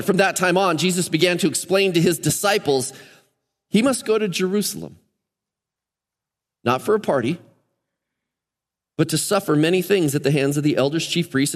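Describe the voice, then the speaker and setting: A man with a high, bright voice preaching a lively sermon. He slips into the voices of the people in the scripture as he tells their stories. His words ring out with a long reverb through a church hall. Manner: animated, acts out scripture voices. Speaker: pastor. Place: church sanctuary.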